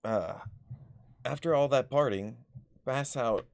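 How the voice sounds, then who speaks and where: A man tells his personal stories casually on camera, rambling and often losing his thread among fillers and restarts. He talks bluntly and swears freely, at an ordinary pitch for a man. The recording is dry and close, with almost no room sound. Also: takes it slowly, creaky, a little mellow, no echo. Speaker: vlogger.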